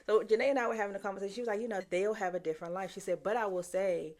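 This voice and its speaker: A woman's voice: medium pitch, steady tone, rapid-fire, a little mellow. Reflective woman podcast co-host. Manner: reflective, thinks aloud with ums. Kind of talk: casual chat.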